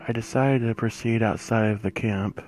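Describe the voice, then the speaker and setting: A man telling a first-person horror story, hushed and suspenseful, with drawn-out pauses. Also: fairly low pitch, steady tone, soft background music.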